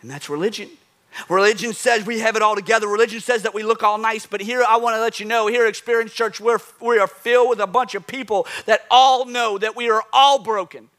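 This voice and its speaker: A pastor delivers a sermon in a high, bright voice. He tells animated stories and hammers his points home by repeating key phrases. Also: fairly quick. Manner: animated storytelling preacher, repeats phrases for emphasis.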